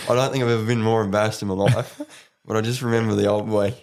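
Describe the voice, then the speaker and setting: This young adult guest is an apprentice electrician with an Australian accent, speaking in a low-leaning voice at a fast clip. The interview chat is casual, and he keeps laughing as he tells his stories in an easygoing way.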